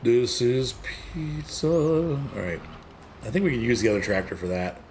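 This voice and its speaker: A man's voice: on the low side, big pitch swings, brisk. A man giving rambling, casual gameplay commentary, often laughing, while he plays. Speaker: gameplay streamer. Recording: game engine noise behind voice. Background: farm vehicle noise from the game.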